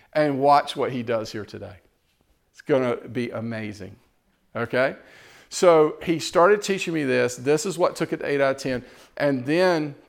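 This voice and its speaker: A man preaching a sermon, swinging between loud exhortation and quiet storytelling. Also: on the high side, vocal fry. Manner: animated, rising to loud exhortation and dropping to quiet, tender storytelling.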